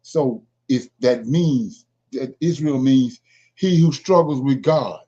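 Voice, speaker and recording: A man's voice: mid-range voice, takes it slowly, warm tone. A man leading an informal Bible study. He reads verses aloud, then explains them with emphasis and keeps asking "right?". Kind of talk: informal scripture teaching. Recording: dull lo-fi recording.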